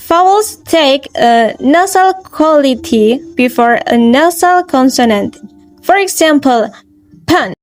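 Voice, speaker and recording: A woman student reading a class presentation on phonology, slowly and carefully, stretching out her example words. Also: sits high, no room sound.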